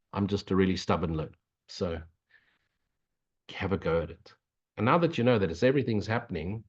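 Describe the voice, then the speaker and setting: Older man, spiritual teacher, earnest, preachy, blunt, low pitch, muffled recording. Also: darkish tone. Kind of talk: spiritual Q&A monologue. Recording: dull lo-fi recording.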